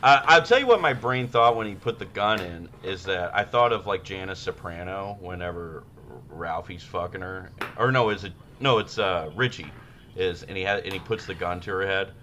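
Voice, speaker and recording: A man co-hosting a podcast in casual chat, rowdy and profane, who shouts when acting out his stories. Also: deep voice, animated, moderate pace, a little hiss or hum. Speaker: podcast co-host.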